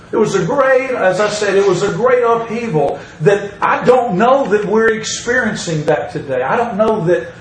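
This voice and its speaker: A man's voice: high-pitched, reverberant, far from the mic, slight background noise, poor audio. A man preaching a sermon, reading scripture aloud and driving points home by repeating them. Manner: emphatic, repeats phrases, reads scripture aloud.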